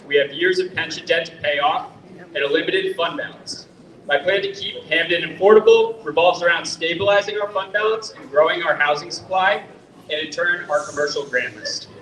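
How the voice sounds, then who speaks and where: A man speaking as a mayoral candidate, giving a measured, policy-focused prepared statement. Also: on the high side, a bit bright. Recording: echoey room from far off, faint noise.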